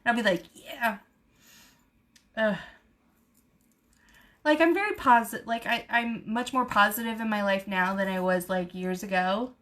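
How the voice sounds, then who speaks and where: A woman with a twang chats through a live video at a middle pitch. She talks fast and animated, with a lot of laughing and "y'all" thrown in. It sounds like a casual live stream recorded on a camera mic. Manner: chatty, animated storytelling with laughs. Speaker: beauty vlogger host.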